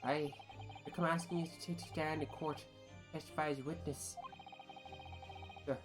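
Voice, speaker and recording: A woman voicing a scheming older male villain while reading game dialogue aloud, threatening and deliberate. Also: low voice, fairly even intonation, music in the background, natural voice. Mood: menacing.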